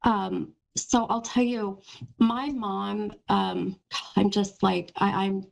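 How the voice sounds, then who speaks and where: A woman hosting a live call-in psychic reading, talking gently and reassuringly to a caller and calling her hun and sweetheart. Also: mid-range voice, fairly even intonation, takes it slowly, vocal fry, poor audio. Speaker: psychic medium host.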